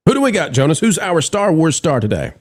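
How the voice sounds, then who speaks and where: A man's voice: fairly high pitch, sing-song, a little fast. A man hosting a casual live-stream chat, playful and theatrical as he introduces guests. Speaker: host.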